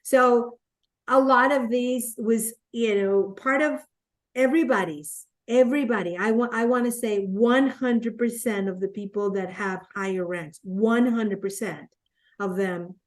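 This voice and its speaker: Animated female storyteller. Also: fairly high pitch, unhurried. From Latin America. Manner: animated, acts out quotes. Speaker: guest, network marketer. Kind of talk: conversational storytelling.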